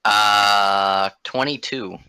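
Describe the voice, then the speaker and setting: Low forceful man asking rules questions. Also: very slow, smooth. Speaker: player. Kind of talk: casual chat over a tabletop game.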